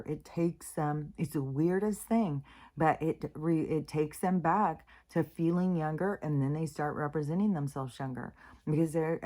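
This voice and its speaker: A woman with a low-pitched voice talks through spiritual ideas in a loose, unscripted monologue. She rambles, doubles back and fills gaps with filler words. Her tone stays plain and frank, and she swears offhandedly. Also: a little mellow. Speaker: spiritual speaker. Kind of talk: casual spoken monologue.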